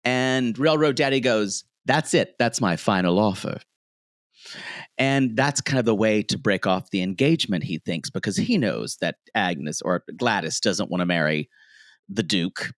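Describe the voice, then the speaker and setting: A man's voice: on the low side, moderate pace, dry recording, clean studio sound. A man co-hosting a podcast, recapping a show in casual chat and acting out lines with laughs. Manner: animated storyteller, acts out quotes, laughs often. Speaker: podcast co-host. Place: home, street noise outside.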